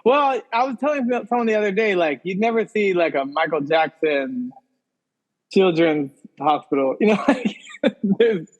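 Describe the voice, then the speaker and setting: A man's voice: high voice, animated, normal speed, poor audio. A man co-hosting a comedy podcast, telling stories in a playful, laughing manner. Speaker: podcast co-host. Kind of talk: casual comedic chat.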